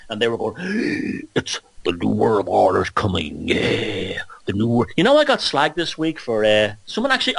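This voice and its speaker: A man's voice: mid-range voice, fairly bright tone, dry recording. A man hosts a blunt, mocking monologue. He stumbles and restarts often, sounds drowsy, and his voice sits in a middling register. The recording is dry and close. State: drowsy from antihistamine. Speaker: host. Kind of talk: ranting monologue.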